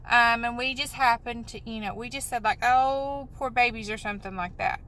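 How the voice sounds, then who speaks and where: Upset woman venting, bright voice. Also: a little high, a little fast, a little hiss or hum, rough recording. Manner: upset, rambling, apologetic. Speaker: vlogger. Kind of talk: emotional venting vlog.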